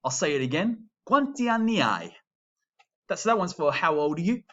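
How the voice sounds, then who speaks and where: A man teaching Italian pronunciation to a school class, modeling phrases slowly and deliberately, with dry classroom humor. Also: fairly high pitch, lively intonation, a bit bright, highs cut off. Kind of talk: recorded pronunciation lesson.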